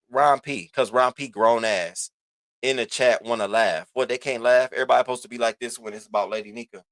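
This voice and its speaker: A man's voice: medium pitch, fairly bright tone, dry recording. A man hosting a live stream, giving sassy, profane commentary and calling out viewers in the chat by name. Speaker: livestream host.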